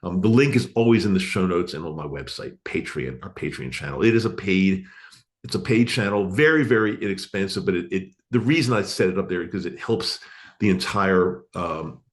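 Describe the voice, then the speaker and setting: A man's voice: low voice, a little fast. A man hosting his podcast alone, talking in an earnest, encouraging way and repeating his phrases, into a studio microphone. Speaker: podcast host. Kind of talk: casual podcast monologue.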